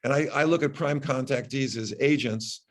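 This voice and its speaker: An older man, a physician guest on an interview podcast, telling a long story in a measured way with frequent restarts. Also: mid-range voice.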